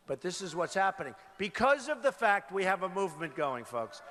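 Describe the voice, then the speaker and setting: A man's voice: high-pitched, sing-song, fairly quick, fairly bright tone. Emphatic man giving a rally speech. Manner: emphatic, repeats phrases, calls out to crowd. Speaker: political candidate. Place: large indoor rally venue. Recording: reverberant arena with crowd noise. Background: crowd murmur.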